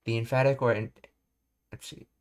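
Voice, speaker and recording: A man teaching a live language lesson, reading explanations in a measured way and thinking aloud as he works out meanings. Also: medium pitch, little pitch movement.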